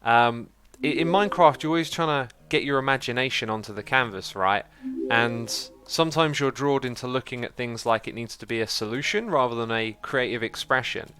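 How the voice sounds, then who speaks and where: A man hosting a casual livestream, calm and easygoing as he reads out chat and thanks viewers. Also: mid-range voice, a little fast. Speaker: livestream host reading chat.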